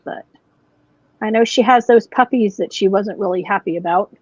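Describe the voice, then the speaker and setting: A woman's voice: medium pitch, normal speed, darkish tone, dry recording. A woman co-hosting a casual chat about knitting, talking in an easygoing, rambling way. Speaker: podcast co-host. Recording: dull, lo-fi sound.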